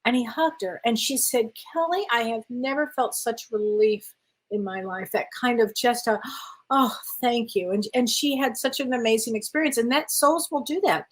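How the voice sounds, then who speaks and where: A woman's voice: on the high side, normal speed. A woman guest in a casual spiritual chat, telling stories eagerly and affirming often. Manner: animated storyteller, eager affirmations.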